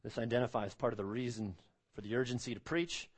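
A man's voice: medium pitch, steady tone, fast talker. Emphatic male preacher. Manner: emphatic, repeats phrases, asks the audience rhetorical questions. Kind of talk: expository sermon.

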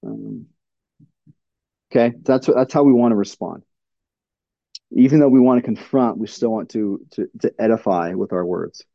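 A man's voice: on the low side, sing-song, normal speed, gravelly, long pauses, dry recording, muffled recording. A middle-aged man teaching in a plainspoken sermon style, earnest, with frequent fillers and restarts. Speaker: pastor.

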